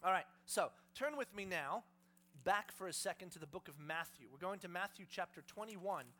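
A man's voice: sits high, lively intonation, normal speed, pushed and bright. A male pastor preaching a sermon to a congregation, telling stories with humor and animation.

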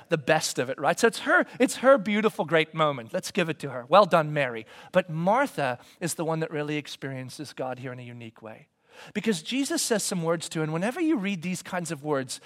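A man giving a conversational sermon as a pastor, swinging from loud emphasis to soft whispers and asking his listeners questions. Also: high-pitched. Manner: conversational, asks the congregation questions.

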